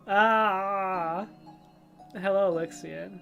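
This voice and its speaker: A young woman chatting on a livestream in a loose, rambling way, jumping from story to story. Her voice sits at an ordinary pitch, and her telling is lively. Quiet music plays faintly behind her. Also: moderate pace. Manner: rambling, animated storytelling with goofy character voices. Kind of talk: casual chat stream.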